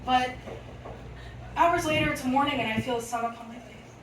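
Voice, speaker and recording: A young adult woman telling a funny story live on a club stage, animated and often laughing as she acts out voices. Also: high-pitched, moderate pace, background noise. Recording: echoey room, from far off, audible ambience.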